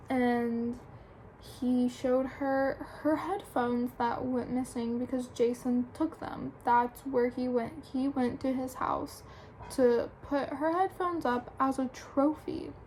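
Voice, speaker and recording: High-voiced young woman recapping a book. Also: darkish tone, slight background noise, poor audio. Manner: chatty, full of "like" and "um" fillers. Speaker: book reviewer. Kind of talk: casual plot recap.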